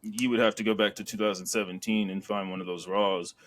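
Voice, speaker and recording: A man co-hosting a casual wrestling podcast, rambling through recaps with frequent laughs and animated retellings. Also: lowish voice, fairly quick. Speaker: podcast co-host.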